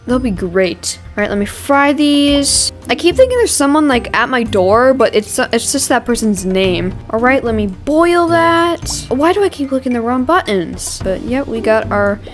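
A young woman hosting a gaming video, chatting casually and excitedly with gasps and restarts as she plays. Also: fairly high pitch, normal speed, hardly any pauses, soft background music. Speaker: gaming channel host. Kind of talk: casual gameplay commentary.

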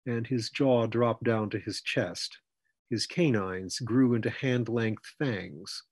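Husky man narrating a fantasy story. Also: medium pitch, dry recording. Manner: measured storytelling. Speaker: author reading his story. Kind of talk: scripted narration.

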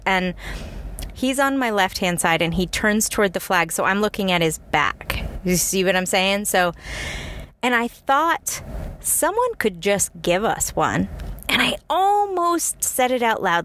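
A woman hosting a self-help podcast, telling a personal story in a chatty, animated way with frequent asides to the listener. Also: medium pitch, a little hiss or hum. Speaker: podcast host.

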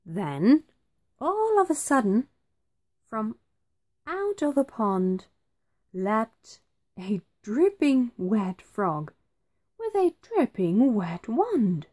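Like a teacher, a woman reads a rhyming picture book aloud to children, going very slowly line by line with clear, careful phrasing. Her expressive pitch rises and falls widely to bring the story to life.

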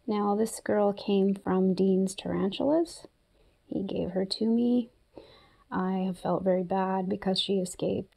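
A woman vlogging about her pet tarantula, talking softly and breathlessly with lots of fillers. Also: mid-range voice, unhurried, vocal fry, slightly rough. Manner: breathless and emotional, soft-spoken with frequent fillers. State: out of breath from excitement. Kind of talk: excited casual vlog narration.

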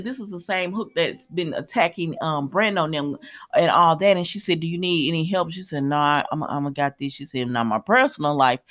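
A woman's voice: low-pitched, a bit bright. A woman casually recapping a soap opera episode, chatty and colloquial, adding her own running commentary and talking to viewers as y'all. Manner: chatty, retells scenes with running commentary and laughs.

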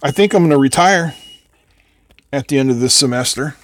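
An older man with a mid-range voice speaking at normal speed hosts a live electronics build. He talks casually and rambles while soldering, answering viewers in between steps.

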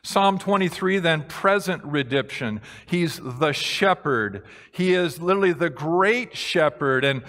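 Pastor preaching in a reverberant hall. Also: male voice, on the high side, unhurried, few pauses. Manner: swings from hushed reflection to excited proclamation. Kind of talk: sermon.

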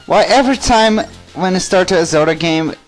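A man's voice: sits high, lively intonation, soft background music, poor audio. Jokey man playing a game. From Brazil. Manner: jokey, self-mocking, halting. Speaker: let's play commentator. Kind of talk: casual game commentary.

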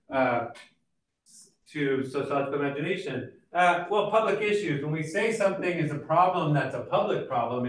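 A man lecturing on sociology in a relaxed, conversational way, with frequent fillers and restarts. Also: on the high side. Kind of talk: recorded college lecture. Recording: echoey room, mic at a distance.

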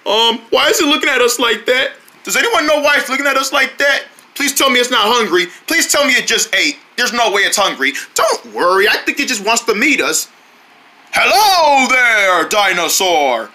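A performer voicing a group of excitable young deer friends in a homemade cartoon, switching between several playful voices. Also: mid-range voice, normal speed. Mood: curious.

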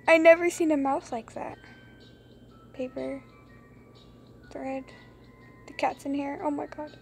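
A young woman with a bright, high voice talks through a computer game in a bedroom late at night. She rambles and giggles, keeping things hushed so others stay asleep. Faint game music plays underneath her phone-recorded voice. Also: steady tone, takes it slowly, creaky, pauses often. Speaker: gameplay streamer. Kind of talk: casual gameplay commentary. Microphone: phone screen recorder.

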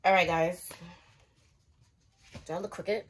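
A young woman with a lowish, fairly even voice speaks slowly over a noisy background. She's a beauty vlogger chatting casually at home while doing her hair, talking to viewers in a slangy, direct way, filmed on a phone propped up nearby.

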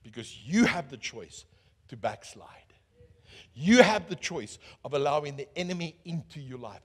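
A man preaching a sermon as pastor, swinging from booming calls to hushed asides and asking the crowd questions. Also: breathy edge. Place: church hall. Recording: echoey church hall.

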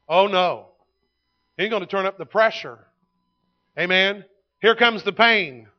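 A man, preaching a sermon in a folksy storytelling way that swings from loud to hushed. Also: sits high, a little slow, long pauses, muffled recording. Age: 50s. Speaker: pastor. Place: church sanctuary.

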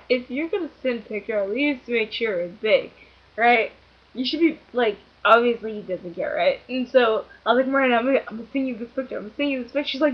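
A woman's voice: a little high, a little fast, lo-fi sound. A young woman telling a story casually, rambling and giggly, with many fillers. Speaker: vlogger.

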